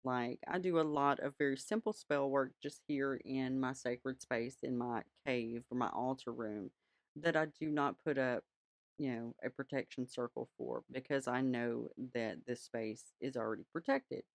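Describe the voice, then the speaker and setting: A woman's voice: extremely low pitch, normal speed, gravelly, dry recording. A woman hosting her own podcast, talking casually and frankly from her home altar room, swearing now and then. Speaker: podcast host. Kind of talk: casual solo podcast talk.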